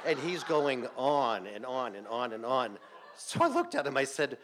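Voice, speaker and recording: Animated male storyteller on stage. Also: medium pitch, moderate pace. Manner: animated, salty, laughs through his lines. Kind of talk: live storytelling. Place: theater stage before a live audience.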